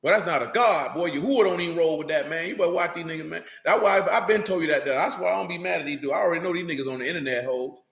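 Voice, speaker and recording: A man preaching in a loose, streetwise way, blunt, emphatic and full of slang. His voice sits high and bright. It rings out in a roomy, echoing space. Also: racing, vocal fry, hardly any pauses. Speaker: religious teacher. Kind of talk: informal streetwise sermon.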